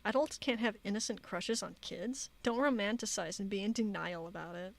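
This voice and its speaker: A woman's voice: mid-range voice, creaky. Woman streamer reading chat logs. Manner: halting, many fillers, reads quotes flatly. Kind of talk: casual commentary reading chat logs aloud.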